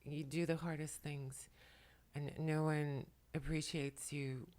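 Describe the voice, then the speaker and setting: A tearful woman at home, speaking to the camera in a soft, halting way while relaying messages, often dropping to a whisper. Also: low-pitched, flat delivery. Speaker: spiritual channeler and makeup vlogger. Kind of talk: emotional channeling talk to camera. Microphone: camera mic, speaking to the camera.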